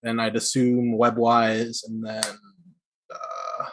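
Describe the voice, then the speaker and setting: A man's voice: mid-range voice, completely flat delivery, slow, fairly bright tone, a little hiss or hum. A man playing a tabletop role-playing game, asking playful questions about the rules. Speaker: player. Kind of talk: casual tabletop game play.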